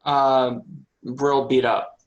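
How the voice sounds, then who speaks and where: A man acting as game master in a tabletop game. He talks the players through the rules with patience, in an even, mid-pitched voice and at an everyday pace. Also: extremely slow, lo-fi sound.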